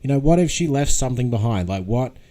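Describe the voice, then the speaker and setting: A man's voice: medium pitch, animated, fast talker, mellow. A man commenting on a clip in a video, opinionated, dismissive and sarcastic, swearing freely.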